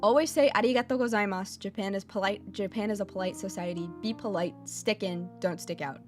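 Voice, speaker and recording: A woman hosting a laid-back livestream lesson at an average pitch. She is blunt and teasing, throws in the odd swear word, and keeps asking "okay?" to check her viewers are following. A guitar plays softly in the background. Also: brisk. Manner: repeats phrases for emphasis. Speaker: VTuber streamer teaching Japanese.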